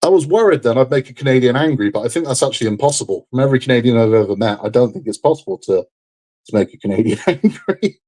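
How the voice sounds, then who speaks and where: A medium-pitched, mellow voice comes through animated and quick. The speaker is a man hosting a live model-kit build, talking casually and frankly. He's tired and a little sick, so he rambles and goes over the same points again.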